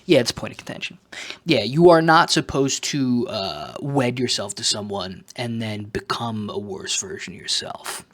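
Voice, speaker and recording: Speaking straight to camera in a confessional vlog, a man mocks himself, swinging between loud joking outbursts and quiet muttered asides. His voice is mid-range with lively intonation at a normal speed.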